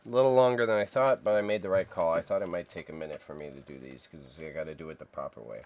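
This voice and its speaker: A man, chatting casually on a co-working stream and thinking aloud as he works, sounding a little phlegmy and clearing his throat. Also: deep voice, quick pace. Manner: relaxed, self-mumbling, thinks aloud while typing. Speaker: streamer and reseller. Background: keyboard typing.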